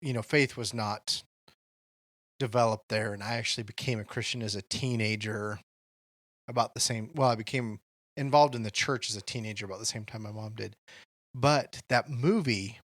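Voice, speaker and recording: A man's voice: lowish voice, normal speed, a bit bright, dry recording, studio quality. A man co-hosting a podcast, speaking in an earnest, reflective way in casual discussion. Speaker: podcast co-host.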